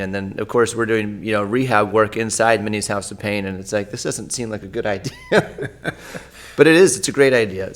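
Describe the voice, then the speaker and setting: A man hosting a podcast, chatting casually and laughing as he sets up his guest's story. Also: on the low side. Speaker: podcast host.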